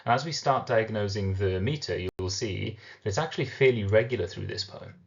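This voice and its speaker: Low-voiced male English teacher. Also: gravelly, dull audio. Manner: explains step by step, slows down to sound out syllables. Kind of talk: recorded lesson.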